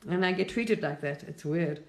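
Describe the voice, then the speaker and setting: A middle-aged woman from England chats on a live stream in a lower voice. She rambles, drifts between thoughts and laughs often. Her voice carries the echo of a roomy space. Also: normal speed. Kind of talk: casual spiritual talk on a live stream.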